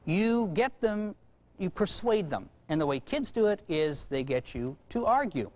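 A man's voice: high voice, unhurried. A man giving a parenting lecture, telling folksy stories and acting out the voices. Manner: folksy, animated storyteller who acts out voices. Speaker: parenting seminar speaker. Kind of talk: lecture with anecdotes.

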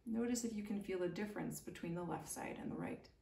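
Woman, young adult, yoga teacher, calm gentle guidance, distant mic, echoey room. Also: fairly low pitch, quick pace, creaky. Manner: calm, gentle, soothing guidance with light laughs. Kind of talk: guided yoga instruction.

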